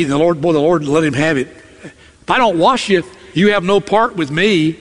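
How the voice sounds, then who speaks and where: High-voiced preacher in an echoing hall. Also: male voice, normal speed. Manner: emphatic, acts out quoted lines in character. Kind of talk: expository sermon.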